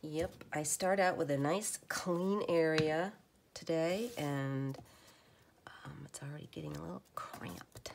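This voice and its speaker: Female crafter, low gravelly voice, rambling chat that slips into whispers, noisy home recording. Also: takes it slowly. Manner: chatty, rambling, often drops to a soft whisper. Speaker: crafter making journal ephemera.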